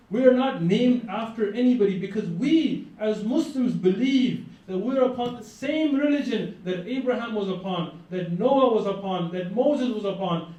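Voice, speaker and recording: High-voiced man lecturing in an echoey hall. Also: dull audio. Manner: lively, conversational, asks the audience to respond. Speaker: lecturer on Islam. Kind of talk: campus lecture to a live audience. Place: college lecture room. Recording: very echoey room, mic far off.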